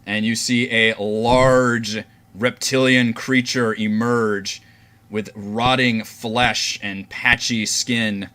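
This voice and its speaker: A man narrating as game master of a tabletop game, describing scenes slowly and deliberately. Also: mid-range voice, little pitch movement, sharp tone, clean tone.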